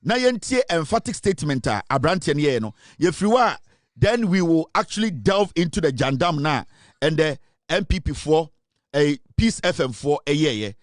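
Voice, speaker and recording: A man with a Ghanaian accent giving a forceful political commentary monologue, switching between English and Twi. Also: a little high, sing-song, moderate pace, dry recording, clean studio sound.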